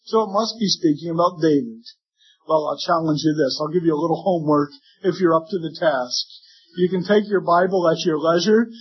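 A man with a fairly high, husky voice preaches earnestly to a congregation, giving voice to the objections his listeners might raise. The recording is dull and lo-fi, as if taped in a church. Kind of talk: sermon.

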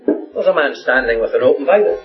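A man's voice: mid-range voice, lively intonation, quick pace. A man preaching a sermon in an earnest way, often repeating phrases for emphasis. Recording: dull lo-fi recording with faint music.

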